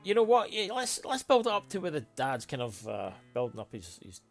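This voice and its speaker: A man's voice: on the high side, wildly swooping pitch, fairly quick, soft background music. A man playing a story game aloud and reading its text, musing in a hesitant way. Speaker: player.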